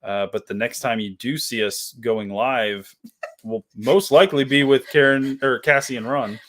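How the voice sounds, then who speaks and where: Man co-host, relaxed, passes along chat comments, chuckles a lot. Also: medium pitch, normal speed. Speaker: co-host of a live stream. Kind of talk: casual live-stream chat. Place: office.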